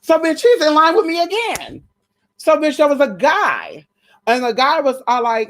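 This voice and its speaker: A woman's voice: high voice, sing-song, moderate pace. Sassy, brash woman gossiping on a livestream. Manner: sassy, brash, slangy, swears a lot. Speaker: livestream host. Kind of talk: casual spiritual gossip chat.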